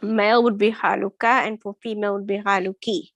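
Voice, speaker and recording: A female student giving answers in class at an ordinary middle pitch. She speaks hesitantly, trying out each answer with some doubt in her voice. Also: flat delivery, fairly quick.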